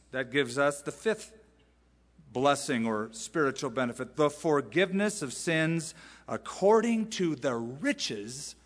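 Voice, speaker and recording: Emphatic male pastor in a reverberant hall. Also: mid-range voice. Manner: emphatic, uses rhetorical questions and asides. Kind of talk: expository sermon. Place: large church sanctuary. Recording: long reverb in a large hall.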